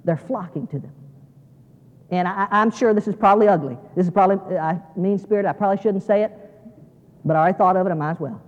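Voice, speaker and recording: Talking fast in a mid-range voice, a guest preacher speaks to seminary students, the muffled recording echoing with a big chapel's long reverb. He's homespun and plainspoken, often restarting his sentences. Whenever he circles back to his central point, he gets forceful and hammers key phrases again and again.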